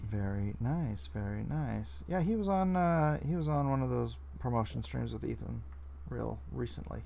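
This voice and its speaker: Guy with a gravelly voice hosting a laid-back stream from home, repeats himself a lot. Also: medium pitch, normal speed. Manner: relaxed, chatty, repeats short phrases. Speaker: comic artist hosting a live stream. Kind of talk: casual stream chat. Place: home, with kids audible in another room.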